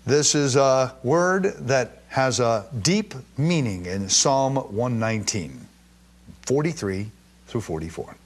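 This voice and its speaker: A man from Jerusalem teaching the Bible to a live and streaming audience, reading verses with emphatic stress and stumbling through quick restarts. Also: mid-range voice, lively intonation.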